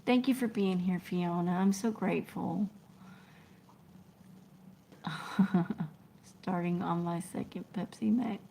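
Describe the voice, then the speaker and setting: A woman's voice: lowish voice, takes it slowly, vocal fry, long pauses, warm tone, a little hiss or hum. A middle-aged woman, chatting scattered and laughing as she reads viewer comments on a livestream. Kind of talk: casual live chat.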